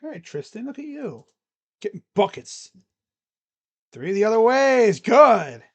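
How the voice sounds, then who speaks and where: A man streaming live play-by-play commentary, calling plays in excited bursts and then dropping into low, mumbled casual asides. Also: unhurried.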